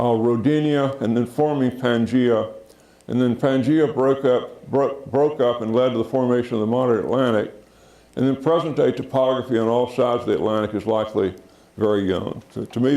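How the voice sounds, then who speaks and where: A man lectures to a theater audience at an unhurried pace, often pausing on fillers and restarting his sentences. His voice is gravelly and dark. The room around him is echoey. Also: medium pitch. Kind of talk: public science lecture. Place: theater auditorium.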